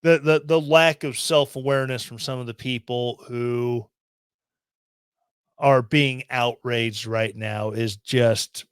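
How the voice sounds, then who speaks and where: A man's voice: mid-range voice, steady tone, slow, smooth, no room sound. A man hosting a podcast, commenting on the news in a rambling, self-deprecating way with sarcastic asides, into a studio microphone. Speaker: podcast host.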